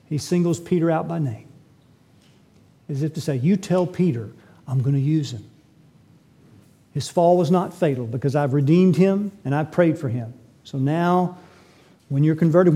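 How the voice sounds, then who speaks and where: A man's voice: on the high side, warm tone, slightly rough. A man preaching a sermon as pastor, emphatic and full of rhetorical questions.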